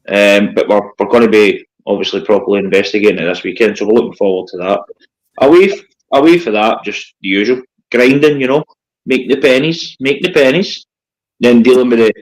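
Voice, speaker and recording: A man's voice: mid-range voice, poor audio. A Scottish man, a paranormal investigator, joking dryly as a guest in a casual live chat.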